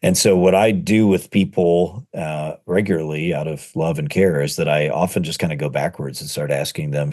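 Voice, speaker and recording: A middle-aged man with a very low voice talks in an interview as a guest author. He rushes through thoughts in quick bursts, padding them with fillers and restarting sentences as he goes. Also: fairly even intonation, darkish tone. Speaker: seminary professor. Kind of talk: conversational interview.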